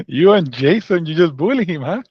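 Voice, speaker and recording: A man's voice: fairly high pitch, husky, no room sound, highs cut off. A man chatting casually and playfully as a guest on a livestream call. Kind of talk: casual chat.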